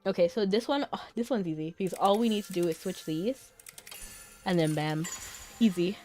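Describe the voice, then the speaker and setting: A woman's voice: fairly low pitch, moderate pace, dark tone, faint music behind. A young adult woman streaming a game, chatting casually and giggling often between her remarks. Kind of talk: casual gameplay chat.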